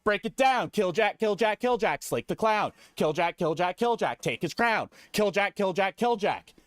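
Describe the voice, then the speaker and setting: A man's voice: high-pitched, expressive, moderate pace, dry recording. A man voicing a bratty, explosive-loving teenage girl who chants a rap poem. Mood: cocky. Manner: sing-song cocky chant.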